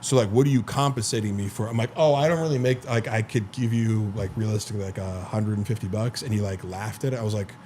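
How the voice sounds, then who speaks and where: A man's voice: lowish voice, fast talker, few pauses, darkish tone, a little hiss or hum. A man on a podcast telling long rambling stories in casual chat, full of 'like' and swearing. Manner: rambling storyteller, heavy filler 'like', profane. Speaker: podcast host.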